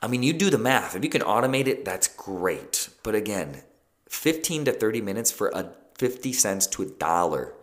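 A man's voice: on the low side, sing-song, moderate pace. A man hosting a solo podcast, talking casually with frequent fillers and self-corrections. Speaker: podcast host.

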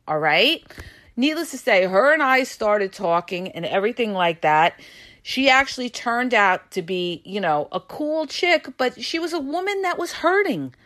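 Host, woman, storyteller, lively pitch, higher voice, punchy asides to the audience. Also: normal speed. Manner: animated, addresses listeners with "you guys" and "all right?"; dramatic retelling, gets loud and high at tense moments. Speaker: podcast host. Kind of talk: storytelling to listeners.

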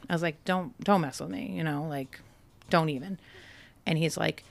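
A woman from Brockton, Massachusetts, appears as a podcast guest and casually tells a personal story, saying "like" often and quoting people as she goes. Her voice is deep with vocal fry, at a moderate pace.

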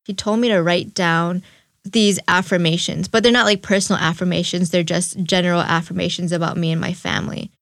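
A young woman sharing a personal recollection in an interview, speaking reflectively and haltingly with fillers and restarts. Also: on the low side, steady tone, a bit bright, no room sound, studio quality. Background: faint music.

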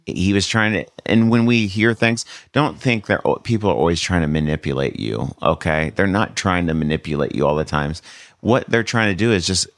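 A man's voice: sits low, moderate pace, dry recording, clean studio sound. A male pastor, a guest on the show, telling his testimony in a rambling, conversational way with lots of fillers. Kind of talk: storytelling testimony in casual chat.

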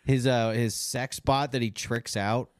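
A man's voice: mid-range voice, fairly even intonation, a little slow, clear, resonant tone, no room sound. A man co-hosting a podcast in casual banter. He is sarcastic and crude and often slips into mocking voices. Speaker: podcast co-host.

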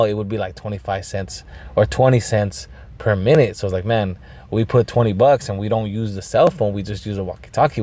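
Man, podcast host, lowish voice, casual rambling monologue, swears a lot, clears his throat often. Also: warm tone. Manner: mixes in Spanish phrases.

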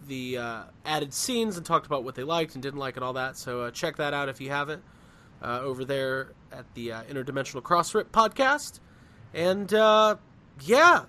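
A man hosts a casual pop culture podcast, joking with his co-hosts and padding his lines with fillers. His voice is bright and sits a little high. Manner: loose, joking, with frequent fillers. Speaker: podcast host. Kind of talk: casual chat.

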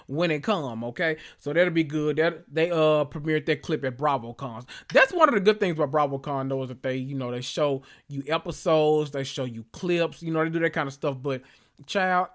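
A man hosting a podcast, telling stories and recapping reality TV in an animated, slangy, exasperated way. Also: a little high. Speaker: podcast host.

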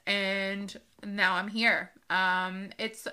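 Bright-voiced woman telling her story. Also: medium pitch, little pitch movement, extremely slow, clean tone. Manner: emotional, with frequent fillers and laughs. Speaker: podcast host. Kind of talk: personal storytelling monologue.

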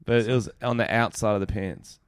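Low smooth-voiced man, laughing storyteller. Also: steady tone, fairly quick, dry recording. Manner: laughs often, tells stories with quoted voices. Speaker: podcast co-host. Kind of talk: casual chat.

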